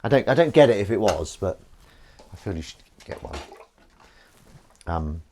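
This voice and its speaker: A man's voice: on the low side, big pitch swings, moderate pace, background noise. A man hosting a casual live stream, chatting and reading out viewer comments in a playful way. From Northern England. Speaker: livestream host. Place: home kitchen while washing up.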